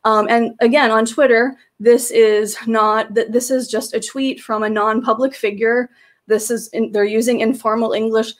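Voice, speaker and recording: A woman's voice: a little high, little pitch movement, normal speed. A woman presenting slides to teachers, explaining in a patient way with frequent fillers and restarts, speaking into a computer microphone on a video call. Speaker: teacher trainer presenting a webinar.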